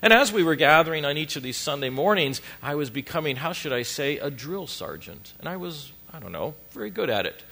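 Brisk and with hardly any pauses, a middle-aged pastor delivers a funny sermon story in a fairly high, gravelly male voice. Playful and self-deprecating, he animatedly acts out family scenes for his congregation.

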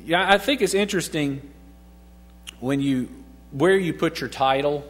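A man's voice: a little high, fairly quick, a bit bright. A middle-aged man teaching a casual Bible study, chatty, chuckling often and asking his listeners questions. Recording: long reverb.

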